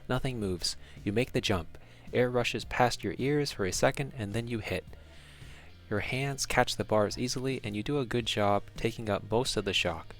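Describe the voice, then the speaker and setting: A man narrating a second-person fantasy text adventure in a measured storytelling manner. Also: mid-range voice, fairly bright tone.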